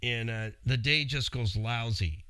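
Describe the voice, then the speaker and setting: A man's voice: mid-range voice, a little slow, sharp tone, clean tone, dry recording. A middle-aged man hosting a show, telling a long story in a rambling, chatty way and speaking straight to his listeners. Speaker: radio show host. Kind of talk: casual storytelling.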